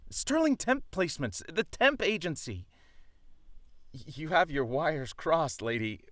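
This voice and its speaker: A man's voice: a little high, big pitch swings, a bit bright, dry recording. An actor voicing a defensive young man who insists he is harmless, recorded as game voice-over takes on a studio mic. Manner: defensive, quick to deny.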